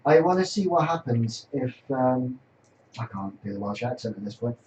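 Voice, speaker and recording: A man's voice: mid-range voice, lively intonation, moderate pace, darkish tone, slight background noise. A man playing a tabletop game, asking playful, curious questions. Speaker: player. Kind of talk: casual tabletop game chat. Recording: roomy distant dull recording.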